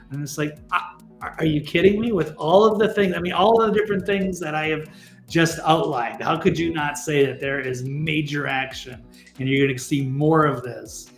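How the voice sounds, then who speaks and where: Fed up with the people he's targeting, this political chat show guest talks bluntly and swears freely in a slightly high voice. His words echo around the room while faint music plays behind him.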